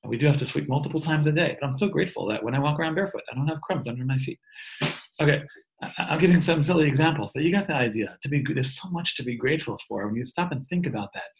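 A man's voice: on the high side, quick pace, rough recording. Man, 30s, earnest informal teacher; restarts phrases, video-call sound. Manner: earnest, repeats and restarts words. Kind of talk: informal talk on faith and wellbeing.

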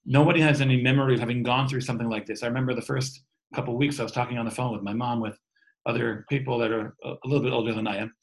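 A man's voice: mid-range voice, steady tone, racing, vocal fry, rough recording. A man around forty leading a call-in class, giving an informal spiritual lecture. He talks conversationally, thinking aloud with restarts and fillers, and tells stories along the way. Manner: explains terms letter by letter, storytelling asides.

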